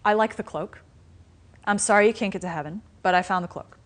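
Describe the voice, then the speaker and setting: A woman voicing a stubborn ordinary male fisherman in a retold story, speaking bluntly and haltingly. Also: mid-range voice, close to an everyday voice.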